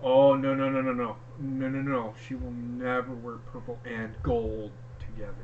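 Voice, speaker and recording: A man co-hosting a casual podcast, talking in a profane, excitable, rambling way. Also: mid-range voice, moderate pace, lo-fi sound, slight background noise. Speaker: podcast co-host. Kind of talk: casual chat.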